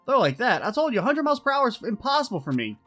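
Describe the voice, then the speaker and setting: A man voicing an excitable, lovestruck teenage girl who gushes and squeals. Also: very high-pitched, rapid-fire, soft background music, voice pushed up, full character voice. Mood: giddy. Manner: squealing, gushing.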